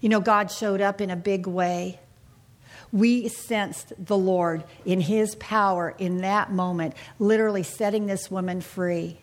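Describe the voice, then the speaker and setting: A woman's voice: mid-range voice, fairly even intonation, measured pace. A middle-aged woman teaching the Bible to a small group in an earnest, confiding way, often asking her listeners questions.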